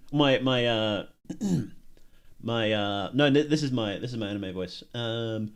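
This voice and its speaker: A man's voice: mid-range voice, big pitch swings, moderate pace. A man chatting casually as a streamer reacting to horror videos, joking and rambling, laughing often. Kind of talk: casual livestream reaction commentary.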